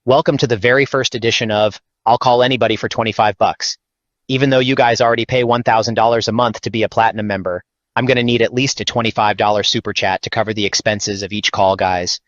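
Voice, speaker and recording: A man's voice: lowish voice, steady tone, fast talker, no echo, close to an everyday voice. A man voicing a smug, greedy male streamer in a cartoon skit. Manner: smug, whiny. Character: greedy self-important male video streamer. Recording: dull dry lo-fi sound.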